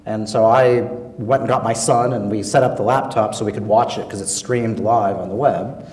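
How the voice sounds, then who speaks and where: A man telling a story as a guest on a public panel, wry and halting, with plenty of fillers. He sounds set back from the microphone. The long tail of a large hall carries his voice. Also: on the low side, fairly even intonation, a little mellow. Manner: wry, hesitant with many fillers. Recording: echoey hall, voice from far off.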